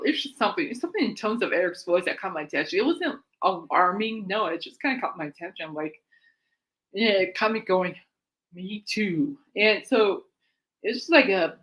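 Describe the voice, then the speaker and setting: This woman has a lowish, fairly bright voice and hosts a music chat show of her own. She rambles casually, laughs frequently, pokes fun at herself and is easily pulled onto tangents.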